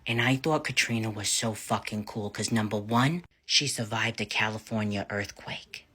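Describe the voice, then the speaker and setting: A vlogger from New Hampshire with a New England accent tells casual storytime tales, wry and profane, getting louder and more animated as he goes. His voice is lowish and husky, at normal speed.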